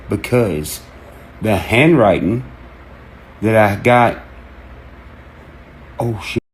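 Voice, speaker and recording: A man, ranting excitedly to camera, cursing and jumping from one topic to the next as he acts out quotes. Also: lowish voice, a little hiss or hum. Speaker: online creator. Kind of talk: rambling rant to camera.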